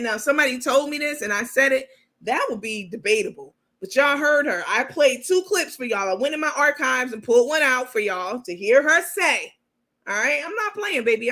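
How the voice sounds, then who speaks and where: Bright forceful lady on a live stream, blunt and cussing, reads chat comments out loud. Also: a little high. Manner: blunt, profane and sassy, talking straight to viewers. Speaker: host of a live gossip commentary show.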